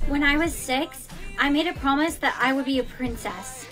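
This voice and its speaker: Casting: woman doing a high-voiced dramatic teen schoolgirl for an animated story, faint music under it. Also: normal speed. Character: earnest dramatic teenage schoolgirl.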